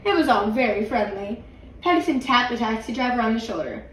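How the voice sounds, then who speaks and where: A woman hosting her own channel, reading a picture book aloud in a clear, steady storytelling way. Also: a little high, fairly quick, distant mic, a little hiss or hum. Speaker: channel host, reader. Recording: roomy, away from mic.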